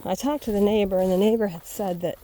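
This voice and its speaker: A woman talks casually into her phone as she walks a rural field, musing aloud. Her voice is mid-pitched and loose. Dogs and open-air farm sounds sit behind her. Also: steady tone, fast, dark tone. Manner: chatty, thinking aloud, calls sharply to her dogs. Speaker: homesteading vlogger. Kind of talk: casual walking vlog. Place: outdoors in a wet rural hay field. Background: dogs and rural outdoor sounds.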